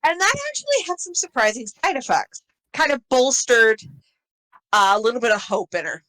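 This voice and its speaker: A woman game master recapping the last session of a tabletop campaign in a relaxed way, laughing often between lines. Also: fairly high pitch, moderate pace, rough recording.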